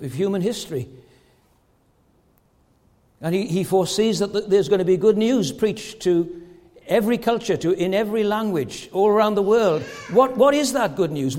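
Male pastor, high voice, emphatic sermon delivery with rhetorical questions, church reverb. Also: a little mellow.

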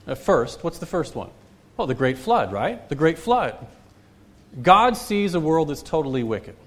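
A man delivers a sermon from the pulpit in a voice pitched a little high. He hammers his points by repeating key phrases. His delivery swings from loud, slow emphasis to quiet asides. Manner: preaching with wide swings in loudness and pace. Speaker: pastor.

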